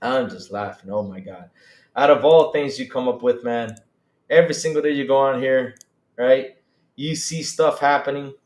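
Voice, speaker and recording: A man hosting a live-stream gaming podcast, loud and excitable, swearing often. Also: medium pitch, moderate pace. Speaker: podcast host. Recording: roomy echo.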